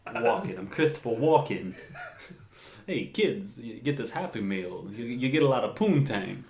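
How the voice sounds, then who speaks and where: A man doing a comic impression of a quirky older male film actor, with halting, oddly paced delivery. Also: medium pitch, expressive, background noise, close to an everyday voice. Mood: mock-creepy. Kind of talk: comic impression in a casual podcast chat. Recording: roomy echo.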